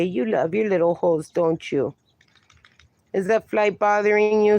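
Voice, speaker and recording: Slow-talking woman livestreaming from her backyard. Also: mid-range voice, dark tone, dry recording. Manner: slow, affectionate, reads chat comments aloud. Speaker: livestream host. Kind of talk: casual livestream chat. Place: outdoors in a backyard.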